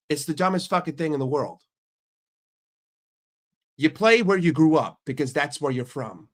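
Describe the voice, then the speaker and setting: A brash young man from the United States rants casually, swearing freely and jumping between topics. His voice sits somewhat high. His delivery swings from quick, punchy bursts to slow, mocking asides. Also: animated. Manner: ranting, heavy swearing, brash. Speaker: streamer and channel host. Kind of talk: casual profane rant.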